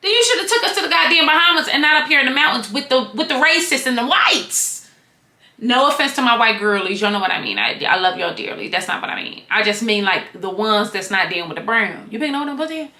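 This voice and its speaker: A woman giving a casual, slangy reality TV and wig review, animated and prone to wandering tangents. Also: on the high side, fast talker, echoey room.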